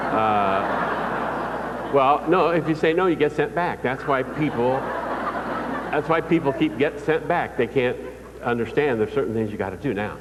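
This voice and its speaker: A man's voice: medium pitch, slight background noise. An older man giving a live motivational speech, telling folksy stories and asking the audience questions. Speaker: motivational speaker. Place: large hall before an audience. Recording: distant reverberant hall recording.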